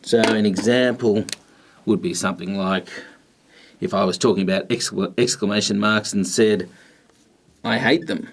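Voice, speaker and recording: A man with a somewhat low voice teaches a grammar video lesson. He explains patiently and deliberately, pausing between phrases as he goes. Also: steady tone, a little hiss or hum. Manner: patient, measured explaining with pauses.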